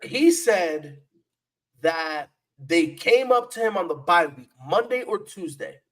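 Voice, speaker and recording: A man's voice: sits high, expressive, slow, a bit bright, poor audio. A man co-hosting a sports podcast, talking in a playful, repetitive trash-talk style. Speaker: podcast co-host. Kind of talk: casual sports chat.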